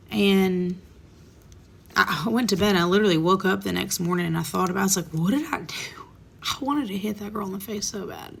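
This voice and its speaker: A woman's voice: mid-range voice, fairly quick, gravelly, husky. A woman in her thirties telling a personal story in a candid, emotional way, sometimes dropping to a whisper. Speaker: vlogger. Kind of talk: casual storytime monologue.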